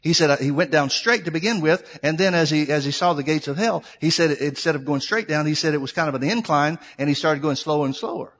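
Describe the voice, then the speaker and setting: A male pastor preaching a sermon, telling a story and swinging between loud, fervent preaching and quiet asides. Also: on the high side, fast, few pauses. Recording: long hall reverb.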